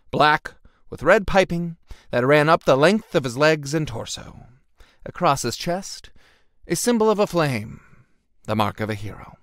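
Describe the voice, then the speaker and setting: A man narrating an audiobook with animated, dramatic storytelling. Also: mid-range voice, dry recording, clean studio sound.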